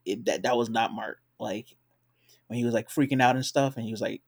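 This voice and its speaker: A man's voice: medium pitch, fairly even intonation, fairly quick, gravelly. A man in casual conversation, talking hesitantly with many fillers. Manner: hesitant, lots of fillers and restarts. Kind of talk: casual chat.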